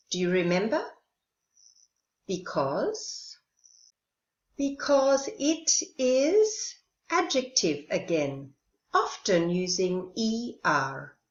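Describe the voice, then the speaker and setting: A woman teaching an English lesson, speaking slowly and carefully and modelling pronunciation clearly. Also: mid-range voice. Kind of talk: recorded language lesson. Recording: roomy, dull lo-fi sound.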